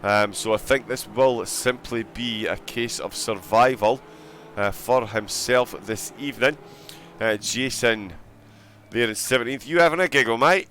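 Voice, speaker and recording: A man commentating on an online sim racing qualifying session, excitable and joking. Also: on the low side, a little hiss or hum. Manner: excitable, fast-talking, joking.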